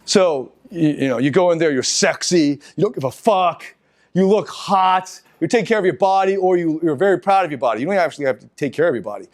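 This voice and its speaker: A middle-aged man giving a live seminar lecture, talking in an animated, halting way with restarts and asides to the audience. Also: on the high side. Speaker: seminar speaker.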